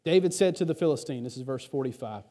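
A man's voice: mid-range voice, lively intonation, quick pace, warm tone. A male pastor preaching a sermon in a conversational, storytelling way.

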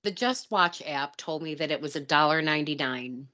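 Podcast lady, deep voice but bright, wry little jokes. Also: moderate pace. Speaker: podcast co-host. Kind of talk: casual podcast chat.

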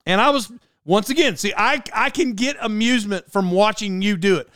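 A young man rattles through a personal story in a casual, rambling way, often breaking off mid-sentence for side notes. His voice sits a little high and sounds smooth and clear. The recording is close and dry. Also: normal speed, dry recording. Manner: animated, self-interrupting. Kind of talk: casual anecdote monologue.

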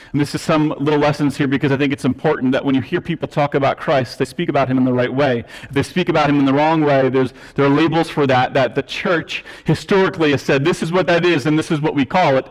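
A male preacher delivering a teaching sermon, emphatic and explanatory, with self-deprecating asides. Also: on the high side. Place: church sanctuary. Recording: long reverb of a church hall.

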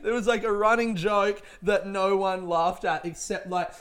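A young man tells a rambling story about his childhood, swearing freely and breaking into laughter. His voice sits a little high for a man. The delivery is casual and loose, with plenty of restarts. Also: steady tone, normal speed, a bit bright. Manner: rambling, profane, often laughing.

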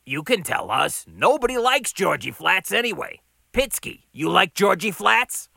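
A man voicing a gruff, gravelly older male diner owner who needles his staff. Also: high voice, very animated, a little slow, sharp tone, no room sound, voice pushed up, full character voice. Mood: needling. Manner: needling, bossy. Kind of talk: audiobook character voice.

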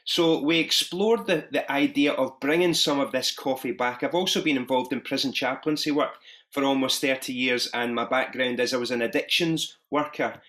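A man's voice: mid-range voice, fairly even intonation, moderate pace, fairly bright tone. A man from Ayrshire with a Glaswegian accent, a pastor talking in a friendly, self-deprecating way on a video call panel. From Scotland, Ayrshire. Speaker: pastor and social enterprise founder. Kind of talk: conversational talk on an online panel.

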